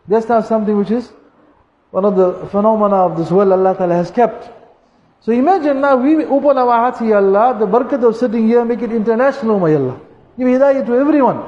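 A high-voiced man gives a storytelling sermon, turning often to his congregation. His voice rings through a large, echoing mosque hall. The recording sounds a little dull. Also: mellow. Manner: storytelling, addresses the congregation directly. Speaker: mufti preacher.

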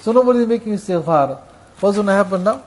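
Husky high-voiced male preacher. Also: animated, fast talker, a little mellow. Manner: repeats phrases for emphasis. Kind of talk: sermon.

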